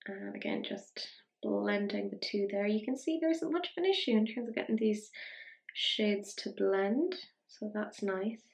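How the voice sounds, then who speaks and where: Gravelly woman doing makeup chat. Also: medium pitch, expressive, a little slow, reverberant. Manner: chatty, self-mocking, drops into whispers while applying. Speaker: beauty vlogger. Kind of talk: casual makeup tutorial chat.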